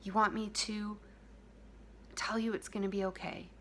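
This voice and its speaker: A woman giving a heartfelt self-help talk to her viewers, speaking softly and intimately, dropping at times to a whisper and repeating key phrases. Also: mid-range voice, little pitch movement, normal speed, slight background noise.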